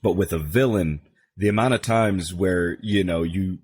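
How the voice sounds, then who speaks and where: A man's voice: sits low, normal speed. A man who works as a voice actor, chatting casually as a podcast guest and acting out quotes as he explains. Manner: animated, acts out quotes while explaining.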